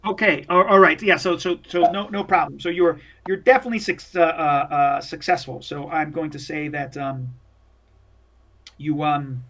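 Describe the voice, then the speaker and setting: A man running a tabletop game as game master, narrating in a halting, rambling way full of restarts. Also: fairly high pitch, a bit bright.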